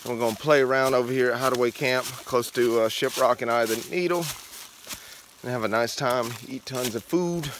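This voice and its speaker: A man vlogging casually outdoors by a creek, excited and playful, talking into a handheld camera. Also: mid-range voice, moderate pace, background noise. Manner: excited, playful, sing-song. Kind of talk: casual trail vlog chat.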